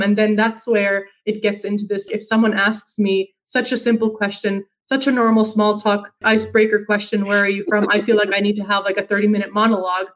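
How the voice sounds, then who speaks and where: A woman's voice: medium pitch, little pitch movement, a little fast, hardly any pauses, rough recording. A woman in her thirties from Finland, chatting casually on a podcast, telling stories with lots of restarts and quoted asides. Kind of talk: casual chat.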